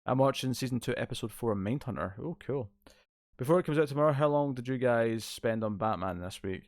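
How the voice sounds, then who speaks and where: A man hosts a relaxed livestream from his couch at home, rambling and answering chat messages in a middle-pitched voice. The sound is dry, with little room echo. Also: a little fast. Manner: laid-back, rambling, reads chat aloud. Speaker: streamer host. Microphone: distant mic, moves out of frame.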